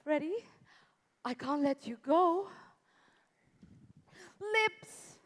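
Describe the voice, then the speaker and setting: Actress as a madcap society girl, high and slow, melodramatic stage delivery. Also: lively intonation, full character voice. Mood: gushing. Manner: gushing, melodramatic. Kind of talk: stage comedy acting. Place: theatre stage.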